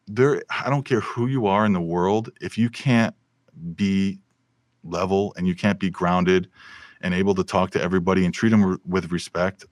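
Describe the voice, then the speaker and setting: A man's voice: deep voice, dry recording. A man, a film and television sound mixer, telling stories animatedly in a casual podcast interview. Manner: animated storyteller with many fillers and restarts.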